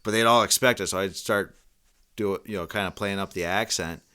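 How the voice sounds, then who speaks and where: Bright-voiced Boston man, clear tone. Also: low-pitched, fairly even intonation, a little fast. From Boston area. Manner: laughs often, restarts phrases. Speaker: podcast co-host. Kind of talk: casual chat.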